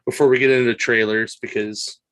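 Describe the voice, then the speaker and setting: A man's voice: mid-range voice, flat delivery, a little fast, fairly bright tone, no echo. A man co-hosting a podcast, chatting casually while distracted, hunting for something on his computer. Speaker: podcast co-host. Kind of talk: casual chat.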